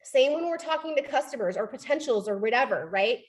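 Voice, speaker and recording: A young adult woman with a high voice leads a live sales training session. She talks in a chatty, informal way, leaning on "like" and "right?". She slips into short acted lines to show how a customer might talk. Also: animated, a little fast. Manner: frequent "like" and "right?" fillers.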